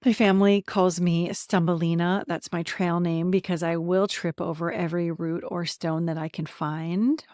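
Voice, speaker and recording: A woman's voice: fairly low pitch, steady tone, moderate pace, hardly any pauses, no echo, clean studio sound. A woman in her forties from central Pennsylvania talking candidly and with self-deprecating humor in a podcast monologue. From central Pennsylvania, USA. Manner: warm, candid, self-deprecating, chatty lists. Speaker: podcast host and coach. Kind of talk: personal monologue to camera.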